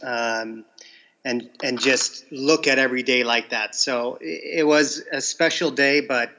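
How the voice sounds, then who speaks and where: A man's voice: mid-range voice, steady tone, a little slow, sharp tone, dull audio, slight background noise. A Canadian man of fifty, a teacher, chatting easily as a podcast guest with some ums and restarts. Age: 50s. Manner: easygoing, hesitant with fillers. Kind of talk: relaxed interview chat.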